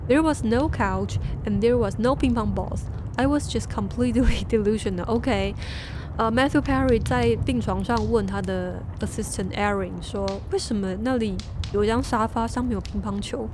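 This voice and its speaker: A woman, a Mandarin speaker, reading a book aloud on a stream with halting restarts and chatty asides. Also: a little high, noisy background. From Taiwan. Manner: laughing asides between passages.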